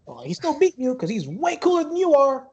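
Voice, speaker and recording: A man's voice: extremely high pitch, wildly swooping pitch, a little fast, darkish tone, muffled recording, pitched above the performer's own voice, heavily acted. A man voicing a cheeky young boy teasing someone in a tabletop game. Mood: smug. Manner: smug teasing.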